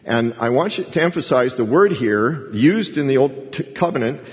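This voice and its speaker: A man's voice: medium pitch, lively intonation, normal speed. Folksy male preacher in an echoing hall. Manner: conversational, folksy preaching with restarts and emphasis. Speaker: pastor. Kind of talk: expository sermon. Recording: long hall reverb, dull lo-fi sound.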